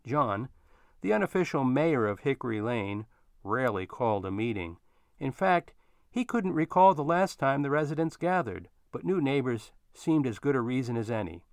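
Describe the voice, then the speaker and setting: A man narrating a story in an expressive storytelling manner. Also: mid-range voice, moderate pace, no room sound, clean studio sound.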